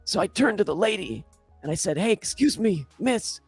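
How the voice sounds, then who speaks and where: A man's voice: high voice, expressive, moderate pace, a little mellow, slightly rough, dry recording, faint music behind, voice pushed up, full character voice. A man voicing a male golfer who rambles through a long story in a breathless, storytelling way. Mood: rambling.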